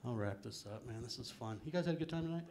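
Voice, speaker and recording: A man's voice: medium pitch, expressive, quick pace, very noisy. A middle-aged man doing a live stand-up set in a small venue, rambling and self-deprecating, dropping "man" and "um" everywhere. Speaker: stand-up comedian.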